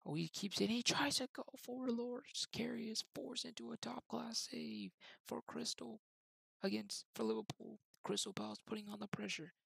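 A young man doing excitable mock play-by-play commentary over his football video game, then chatting about his match. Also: extremely high pitch, normal speed, vocal fry, breathy edge, no echo, rough recording. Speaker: gaming YouTuber. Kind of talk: gameplay commentary.

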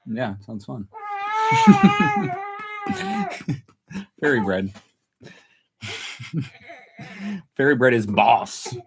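A man's voice: lowish voice, slow pace, pauses often, a little hiss or hum, low-quality recording. A man hosting a casual live stream from home, chatty and self-mocking, laughing often. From United States. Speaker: channel host.

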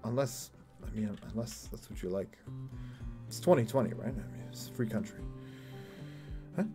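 A young man with a warm, mid-range voice streams a game, chatting casually with his viewers in a crude, joking way.

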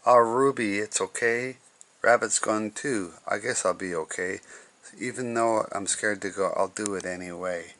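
A man's voice: lowish voice, unhurried, a bit bright, a little hiss or hum. A man reading a storybook aloud, voicing a cheerful male frog who reassures his friend in an upbeat way. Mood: encouraging.

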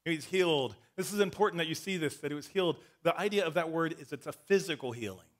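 A man preaching a sermon as pastor, animated, acting out the story and sometimes shouting. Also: on the high side, quick pace.

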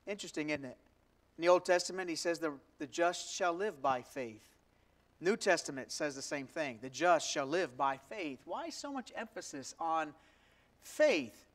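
A man's voice: on the high side, animated, measured pace. A man who is a pastor, leading a prayer and then preaching to his congregation, asking them questions and stressing key words. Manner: prays softly, then preaches with rising emphasis and questions to the congregation. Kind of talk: sermon. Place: church sanctuary.

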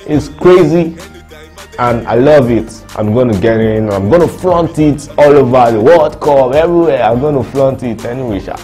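A young Nigerian man with a Nigerian accent, reading out fan reactions in a lively, slangy casual chat. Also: medium pitch, normal speed, few pauses, soft background music. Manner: lively, mixes Pidgin slang, laughs a lot.

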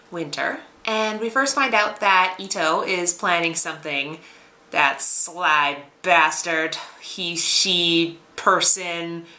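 A woman's voice: lowish voice, bright, forceful tone. A woman recapping an anime episode as a reviewer, chatty and sarcastic. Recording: roomy echo.

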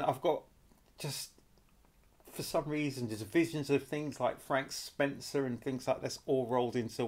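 A middle-aged man hosting a reaction video. He talks straight to his viewers, repeats himself for emphasis and keeps calling them guys and people. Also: mid-range voice. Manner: animated, repetitive, addresses viewers as guys and people. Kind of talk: reacting to a clip, commentary.

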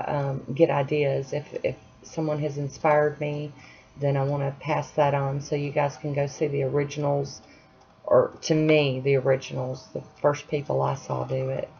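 A woman's voice: deep voice, gravelly, warm tone, breathy edge. A woman chatting casually through a nail art tutorial at home, apologetic and self-deprecating as she works. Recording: dull lo-fi sound, faint hiss.

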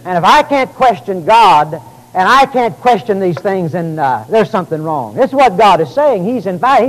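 A man preaching a sermon in a church, swinging from quiet storytelling to loud, drawn-out outbursts. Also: high voice, very animated, poor audio. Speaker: pastor. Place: church sanctuary.

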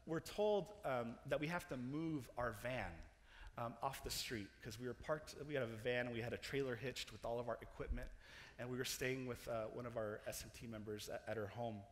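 A young man preaching in a chapel, telling a story with animated energy, laughing and restarting his sentences as he goes. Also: mid-range voice, a little fast. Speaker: chapel speaker. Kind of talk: storytelling sermon. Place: large chapel hall. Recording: long hall reverb.

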